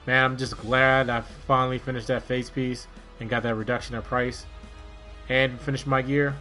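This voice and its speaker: Male streamer from Maryland, relaxed rambling play-by-play. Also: mid-range voice, moderate pace, soft background music. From Maryland, USA. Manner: rambling, relaxed, talks to himself while playing. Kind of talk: casual gameplay commentary.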